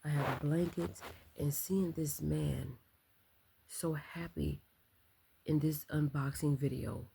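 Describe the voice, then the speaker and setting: A woman talking in a casual late-night vlog, keeping her voice low and soft, reflective and full of ums and likes. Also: steady tone, slow, creaky, pauses often, slight background noise. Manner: speaking softly and low to keep quiet. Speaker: vlogger.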